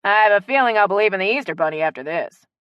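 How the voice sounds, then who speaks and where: A woman's voice: medium pitch, expressive, rapid-fire, clear, resonant tone, dry recording, lo-fi sound, lightly acted. A woman voicing a blunt, skeptical older woman with a scoffing manner.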